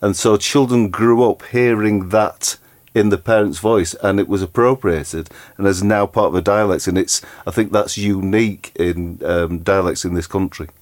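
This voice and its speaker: Low-voiced man hosting a chat. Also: fairly even intonation, normal speed. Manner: curious, reads quotes aloud. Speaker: podcast host. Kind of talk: casual chat.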